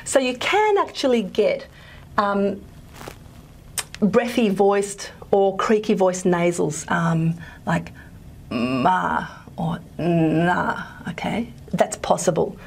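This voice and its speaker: A woman's voice: mid-range voice, lively intonation, takes it slowly, gravelly, darkish tone, slight background noise. A woman, possibly, giving a linguistics lecture on a video call, talking hesitantly with many fillers and restarts. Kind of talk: recorded lecture.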